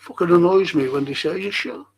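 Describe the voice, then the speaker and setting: A man's voice: high-pitched, brisk, breathy edge. An older man with a Liverpool accent hosting a livestream, chatting casually, reading out viewers' messages and telling stories with swearing and laughter. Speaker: livestream host reading chat. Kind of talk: casual chat.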